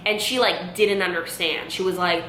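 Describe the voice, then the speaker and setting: A woman's voice: steady tone, moderate pace, pushed and bright. A young woman vlogger telling a personal story candidly, rambling, with lots of "like" and "you know". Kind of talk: storytime vlog. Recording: echoey room with faint rumble.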